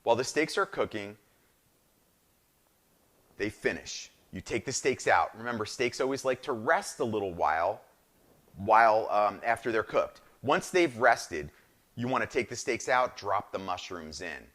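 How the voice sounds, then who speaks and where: A man's voice: lowish voice, expressive, a little slow, a bit bright. A middle-aged man with a New Jersey accent, hosting a live cooking demonstration and chatting enthusiastically to viewers. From northern New Jersey. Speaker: chef hosting a cooking show.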